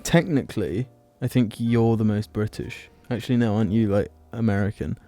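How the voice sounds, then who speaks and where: A man's voice: on the low side, fairly even intonation, normal speed, dark tone, soft background music. A young man co-hosting a podcast, chatting casually and cutting in with wry jabs. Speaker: podcast co-host. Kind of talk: casual chat.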